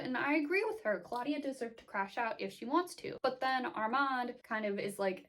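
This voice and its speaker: A woman's voice: fairly high pitch, lively intonation, a little fast, few pauses, a bit bright. A woman casually recapping a TV series for her vlog, flippant and chatty, with lots of "like". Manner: chatty, flippant, filler-heavy with frequent "like". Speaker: recap vlogger.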